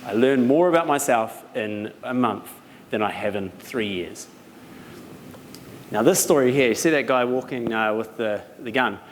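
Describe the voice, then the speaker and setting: A young New Zealand man gives a lively storytelling talk to a live audience, laughing between anecdotes. His voice is recorded in a reverberant hall with a long echo tail and a faint wash of background noise. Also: mid-range voice, moderate pace. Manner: animated, laughing as he tells stories. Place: event venue.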